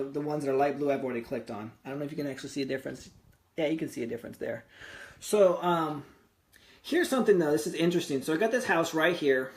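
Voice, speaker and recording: A young man chatting casually in a vlog about his real estate investing, rambling with lots of fillers and restarts. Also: on the high side. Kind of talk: casual screen-recorded vlog.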